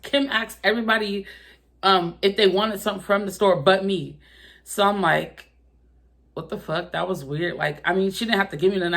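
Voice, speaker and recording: A young woman vlogger telling a personal story in a casual, profane, animated way, acting out her own outbursts. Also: mid-range voice, vocal fry. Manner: profane, animated retelling with exaggerated quoted outbursts.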